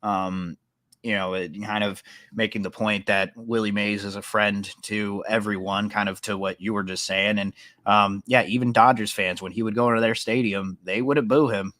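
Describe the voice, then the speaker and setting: A man's voice: on the low side, little pitch movement, moderate pace, a bit bright, dry recording, clean studio sound. A man co-hosting a sports podcast, talking casually with many fillers and restarts. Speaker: podcast co-host.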